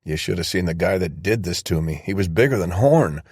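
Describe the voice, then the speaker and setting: A man voices a battle-worn soldier in a very low, steady voice. He sounds measured and understated, recorded close and dry. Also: breathy edge, dry recording, exaggerated voice. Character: battle-worn male soldier, calm team leader.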